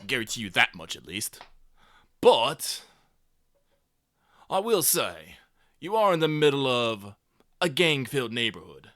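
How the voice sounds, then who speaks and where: A man voicing a scheming male gang leader villain in a gravelly voice, delivering a smug threatening speech. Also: mid-range voice, very animated, a little slow, pauses often, a bit bright, no room sound, clean studio sound. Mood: smug menacing.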